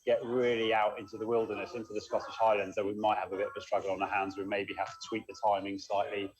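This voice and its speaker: A man, a long-distance cyclist, chatting upbeat and quickly in a casual interview over a phone call. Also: on the low side, level tone, a crowd in the background.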